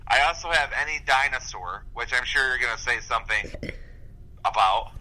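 A man talks over a phone while pacing, his voice very bright and sharp-edged. He rambles through casual chat and laughs easily, with an average pitch. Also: normal speed, low-quality recording.

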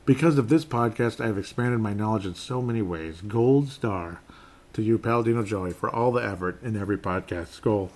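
A man's voice: lowish voice, brisk, a little mellow. A man in his thirties hosting a podcast, rambling casually as he reads out listener comments and laughs often. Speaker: podcast host. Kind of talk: casual live-stream chat reading comments.

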